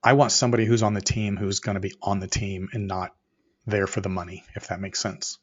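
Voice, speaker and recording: A middle-aged man, an entrepreneur guest on a podcast, telling a story with energy and acting out both sides of the dialogue, sometimes rising to near shouts. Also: fairly low pitch, little pitch movement, fairly quick. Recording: muffled, slightly lo-fi audio.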